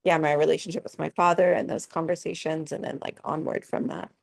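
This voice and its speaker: A woman taking part in a live coaching call, speaking softly and tentatively with many fillers. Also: deep voice, level tone, fairly quick, vocal fry, no echo. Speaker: session participant. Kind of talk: casual conversation on a video call.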